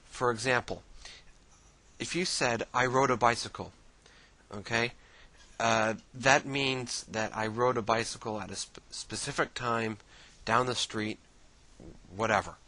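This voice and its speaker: Relaxed male tutor with a bright tone and a mid-range voice, talking through a screen share with loose fillers. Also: mid-range voice, measured pace, poor audio. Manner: casual, relaxed teaching with many fillers and restarts. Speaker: language teacher.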